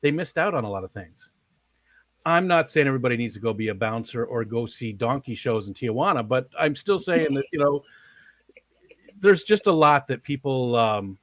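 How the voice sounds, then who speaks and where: A man's voice: medium pitch, expressive, normal speed, a bit bright, dry recording, studio quality. A man hosting a casual interview stream, rambling and chuckling as he talks. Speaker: stream host.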